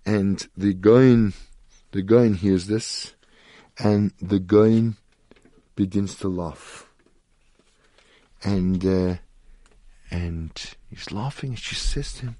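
A man's voice: lowish voice, slow pace, long pauses, dark tone, no echo. A middle-aged man, a rabbi hosting a Torah talk radio show, telling stories sprinkled with Hebrew and Yiddish terms.

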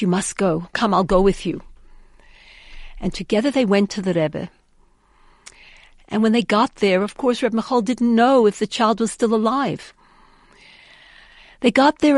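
A woman's voice: a little high, darkish tone, no echo. Earnest woman telling an inspirational story. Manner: earnest, with emphatic repetitions. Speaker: inspirational speaker.

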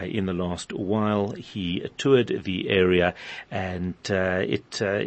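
A man with a fairly low voice hosts a live interview show. He gives a brief news lead-in and then questions his guest, with frequent repeated words and restarts. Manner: stammering restarts when excited. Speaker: radio talk show host.

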